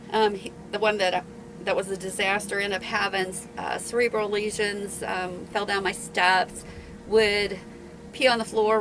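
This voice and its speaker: On a low-quality recording, a medium-pitched woman, middle-aged and a dog breeder, chats casually for her home video. She meanders, gets a bit breathless, and her talk is full of restarts and filler words.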